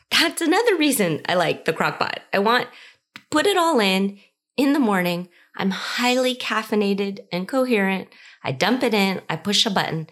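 Low-pitched middle-aged woman, animated storyteller who acts out the voices she quotes. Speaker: cookbook author. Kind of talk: personal storytelling.

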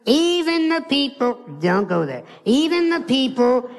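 A man from the United States giving a live motivational speech to an audience. He is playful and animated, and he acts out other people's lines. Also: extremely high pitch, unhurried, soft background music. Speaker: motivational speaker. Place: large hall before an audience. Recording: long hall reverb.

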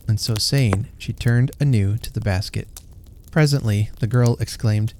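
Narrator for a classic story read aloud: man, mellow warm tone, unhurried and gentle. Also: lowish voice, a little hiss or hum.

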